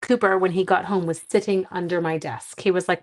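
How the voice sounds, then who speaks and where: A woman's voice: lowish voice, steady tone, a little fast. A woman hosting a live card-making tutorial from her home craft room, chatting casually with viewers and breaking off to talk to her dog.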